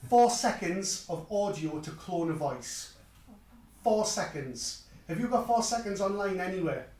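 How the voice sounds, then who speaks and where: Brief: Geordie man presenting at a tech event, emphatic and punchy, fairly high voice, picked up from a distance. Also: animated, measured pace, darkish tone. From North East England. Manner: emphatic, punchy short sentences to the audience. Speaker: tech conference speaker. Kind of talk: live presentation. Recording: echoey hall, mic heard from afar.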